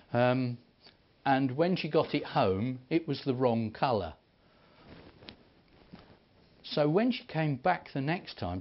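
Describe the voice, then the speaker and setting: A man preaching, telling stories in an animated way and acting out the people he quotes. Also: mid-range voice. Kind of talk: sermon storytelling. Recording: dull lo-fi recording.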